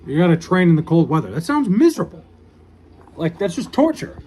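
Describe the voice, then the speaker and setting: Guy streaming live, kinda high voice, reading chat and cursing, roasting himself, super casual. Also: big pitch swings, brisk, darkish tone, slight background noise. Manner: joking, profane, self-mocking banter with viewers.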